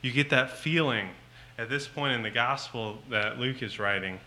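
A man preaching a sermon, slow and emphatic, rising to loud pleading at times. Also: mid-range voice, low-quality recording.

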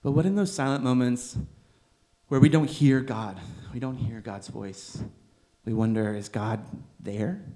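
A young man preaching a sermon in a gentle, conversational way, with bursts of emphatic exasperation. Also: medium pitch, measured pace. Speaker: preacher, seminary student.

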